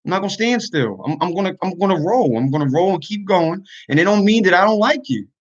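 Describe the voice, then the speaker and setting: A man speaks earnestly to his online viewers in a casual livestream, airing his frustration. His voice sits a bit higher than most men's. The stream audio is dull and lo-fi. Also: animated, fast. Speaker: YouTuber and podcaster.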